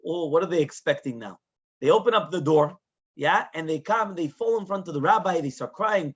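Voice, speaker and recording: A rabbi tells a moral tale with animated energy, slipping Hebrew terms into his English and checking in with his listeners as he goes. His voice sits somewhat high and has a husky edge. The recording is dull and lo-fi. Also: moderate pace. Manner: animated storyteller, acts out the people in his tale; mixes Hebrew terms into English, with frequent tag questions. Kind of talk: Torah lesson storytelling.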